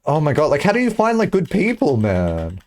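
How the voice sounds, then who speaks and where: A young man streaming and chatting casually, rambling and self-mocking, with high squeaky bursts when he acts out his own lines. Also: wildly swooping pitch, a little fast, darkish tone.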